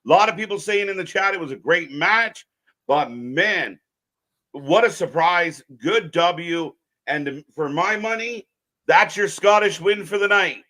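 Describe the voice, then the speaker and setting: A man co-hosting a live wrestling watch-along, animated and swearing, talking to viewers as folks. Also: high-pitched, measured pace. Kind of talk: live alternative commentary chat.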